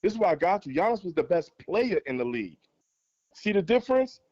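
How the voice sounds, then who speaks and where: A man's voice: high voice, sing-song, brisk, darkish tone, dull audio. A man calling in to a sports show, arguing passionately and hammering his points through repetition. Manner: passionate, argumentative, repeats points for emphasis. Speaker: guest caller on a fan livestream. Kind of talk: heated sports debate.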